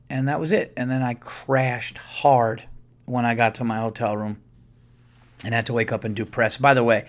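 A man hosting a podcast, telling a story in casual monologue, acting out other people's lines and swearing freely. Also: mid-range voice. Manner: swears freely, repeats words when excited. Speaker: podcast host.

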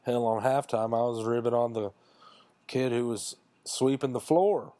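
A man's voice: medium pitch, steady tone, a little slow, mellow, dry recording. A man casually telling a crude, self-mocking comic story in a rambling way.

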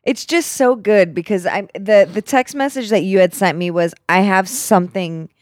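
A woman's voice: medium pitch, moderate pace, no echo, clean studio sound. A woman co-hosting a podcast, chatting casually and reacting eagerly to the story. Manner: animated, chatty, reacts a lot. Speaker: podcast co-host. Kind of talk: casual chat.

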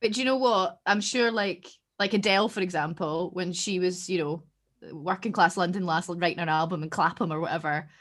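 A woman hosting a podcast, chatting casually and warmly encouraging her guest. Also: fairly low pitch, fairly quick. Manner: warm, encouraging, supportive. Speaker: podcast host.

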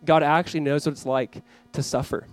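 A man in his thirties preaching a Christmas Eve sermon, earnest, reading scripture slowly and acting out family scenes. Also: a little high, steady tone, soft background music, rough recording. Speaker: pastor.

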